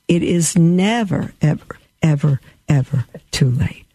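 Speaking a little slowly, a man with a gravelly, warm, slightly high voice earnestly shares quotes with his listeners and weighs in on each one as a Catholic commentator. He leans on emphatic repetition, drops in an occasional filler, and the audio has no room sound.

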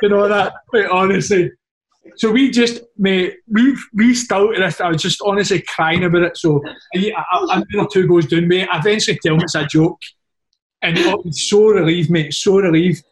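A man with a noticeably high voice tells a prank story in casual chat. He laughs a lot and swears easily. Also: normal speed. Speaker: guest telling a story. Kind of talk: casual anecdote.

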